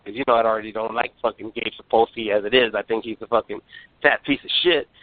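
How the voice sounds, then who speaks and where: A man's voice: medium pitch, no echo. A man hosting a podcast, chatting casually while ranting, rambling and swearing constantly. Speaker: podcast host. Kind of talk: profane casual chat. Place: San Antonio. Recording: phone-line call-in sound.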